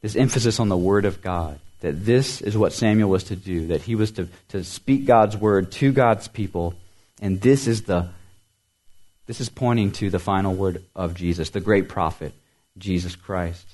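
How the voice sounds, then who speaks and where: Male pastor, lower voice, earnest sermon delivery, climbs on emphasis, drops soft at phrase ends. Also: normal speed. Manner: earnest preaching, rising emphasis then dropping to soft low endings; repeats words for emphasis.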